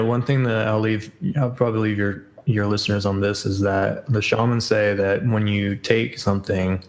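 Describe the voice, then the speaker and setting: A man's voice: lowish voice, low-quality recording. A man as a podcast guest in casual chat, rambling with many fillers and self-corrections.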